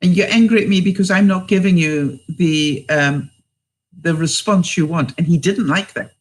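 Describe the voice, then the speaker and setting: A woman's voice: fairly low pitch, normal speed, rough recording. Chatty woman vlogger talking to viewers. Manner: chatty storyteller, laughs often, talks to viewers directly. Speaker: vlogger answering live viewers. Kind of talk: casual livestream chat.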